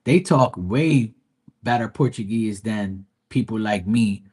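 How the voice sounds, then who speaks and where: A man from Bermuda with a Bermudian accent, chatting casually on a live stream, animated and full of slang. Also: lowish voice, slow pace, husky. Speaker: live tarot reader.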